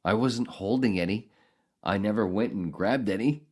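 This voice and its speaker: A man's voice: on the low side, normal speed, a little mellow, husky. A man hosting a solo podcast, ranting angrily and sarcastically with heavy profanity. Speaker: podcast host.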